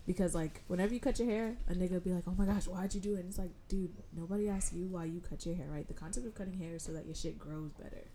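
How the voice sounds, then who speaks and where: A woman telling stories in a casual group chat, laughing often and talking in an animated way. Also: on the low side, fast talker, hardly any pauses, slight background noise.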